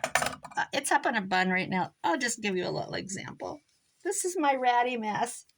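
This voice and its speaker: A woman's voice: a little high, sing-song, normal speed, fairly bright tone. An older woman hosting a crafting tutorial, chatty and rambling, mocking herself and laughing often. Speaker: crafting video host.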